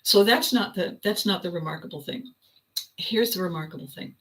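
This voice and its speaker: An older woman hosting her own video, telling a personal story in a casual, animated way with frequent laughter. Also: fairly low pitch, normal speed, low-quality recording. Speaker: vlog host.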